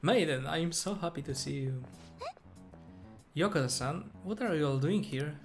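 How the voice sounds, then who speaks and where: A man's voice: on the high side, moderate pace, close to an everyday voice. A man reading aloud the lines of distraught cult followers from a game, pleading with their leader, with game music behind.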